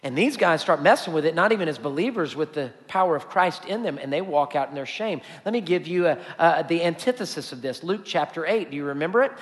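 A man's voice: on the high side, lively intonation, fast talker, hardly any pauses. A man preaching a sermon as a pastor, emphatic and repetitive as he drives his points home. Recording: long hall reverb.

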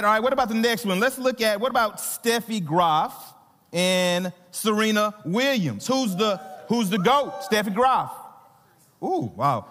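High-voiced Southern pastor in a reverberant hall. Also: male voice, sharp tone. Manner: conversational, playful with the crowd, many fillers and restarts. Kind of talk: sermon. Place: church sanctuary.

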